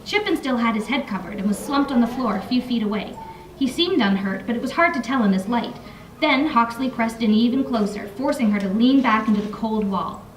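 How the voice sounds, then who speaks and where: A woman's voice: on the high side, lively intonation, brisk, a little hiss or hum. Young woman author reading in an echoey room. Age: young adult. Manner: casual asides with fillers between readings. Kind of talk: reading aloud from her novel. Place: library room. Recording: echoey room, mic from far off.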